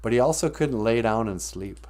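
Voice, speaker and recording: A man hosting a comedy live stream, telling a rambling, jokey story with lots of pitch swings. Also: lively intonation, moderate pace, darkish tone. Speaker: comedian host.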